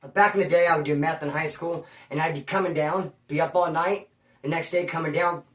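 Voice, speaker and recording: A man telling a story in a rambling, slangy, animated way, recorded in a room at his home. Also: fairly high pitch, fairly quick. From Bakersfield area. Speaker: storyteller on his own channel. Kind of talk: casual storytelling. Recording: roomy, mic at a distance.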